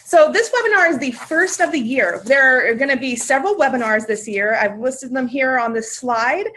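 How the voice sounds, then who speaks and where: Cheerful woman running a webinar, kinda high voice, lots of uh's, super enthusiastic. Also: lively intonation, moderate pace, a bit bright, a little hiss or hum. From Washington state, USA. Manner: upbeat, enthusiastic, chatty with filler words. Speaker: financial aid outreach presenter. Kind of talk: webinar presentation.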